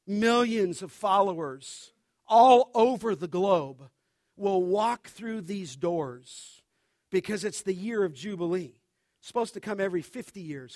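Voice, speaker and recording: A pastor with a very high voice preaches an emphatic sermon, quoting scripture aloud and addressing his listeners directly. His voice is dry and close to the mic, without any room echo.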